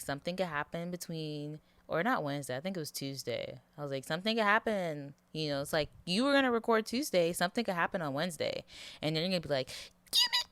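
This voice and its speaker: A woman's voice: deep voice, smooth, no echo. A tired young woman hosting her solo podcast from her bed, rambling and laughing, holding the mic close to her mouth. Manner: chatty, rambling, laughs often. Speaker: podcast host. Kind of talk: casual solo podcast chat. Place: in bed at home. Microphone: handheld mic held close to mouth.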